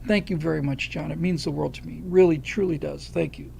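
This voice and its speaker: A man's voice: a little high, fairly even intonation, fairly quick, creaky, a little mellow, slight background noise. An older man from the United States hosting a livestream, talking bluntly and emphatically, reading out and thanking viewer donations. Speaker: livestream host. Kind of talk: casual opinionated livestream talk.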